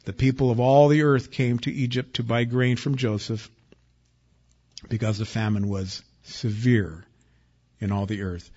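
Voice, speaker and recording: A male pastor preaching a conversational expository sermon, swinging between loud emphasis and hushed asides. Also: medium pitch, steady tone, a little slow. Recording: dull lo-fi recording.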